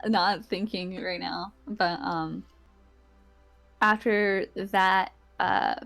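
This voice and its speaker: A woman's voice: medium pitch, steady tone, drawn-out words, vocal fry, fairly bright tone, soft background music. A woman giving a rambling, casual recap of the last tabletop game session, full of fillers and acted-out lines from her friends.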